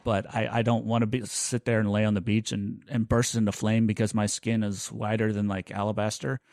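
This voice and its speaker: A man's voice: on the low side, little pitch movement, brisk, darkish tone, dry recording, clean studio sound. A man in his forties co-hosting a podcast, talking in a laid-back, self-deprecating way. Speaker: podcast co-host. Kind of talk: casual chat.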